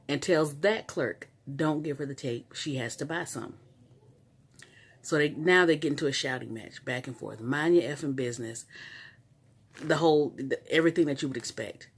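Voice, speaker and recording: An adult vlogger recounts a frustrating errand in an animated, exasperated rant, often tripping over their words and starting sentences again. The voice sits at an ordinary middle pitch and the talk is loose and conversational. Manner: animated, exasperated storytelling with frequent restarts. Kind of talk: casual story-time rant.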